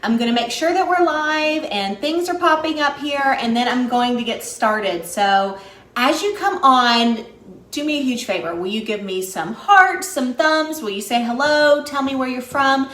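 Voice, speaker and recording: Speaking a little slowly, a woman from West Virginia uses a high, bright voice with lively intonation while hosting a live cooking stream. Upbeat and quick to laugh, she chats with her audience in an echoey space.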